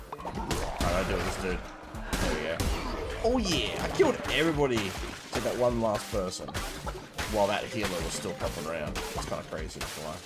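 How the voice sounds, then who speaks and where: A man's voice: low-pitched, very animated, fairly quick, pauses often, loud music behind the voice. An Australian man in his thirties, hosting a game stream and chatting casually with viewers in a rambling, playful, teasing way. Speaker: livestream gamer host. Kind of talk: casual chat while gaming, reading viewer comments.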